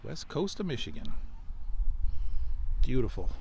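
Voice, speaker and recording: A man casually narrating an off-road trip in a relaxed, chatty way, from outdoors and from inside a vehicle. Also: medium pitch, a little slow, vocal fry. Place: outdoors and in a vehicle on dirt roads. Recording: noisy outdoor camera audio. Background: vehicle and outdoor noise.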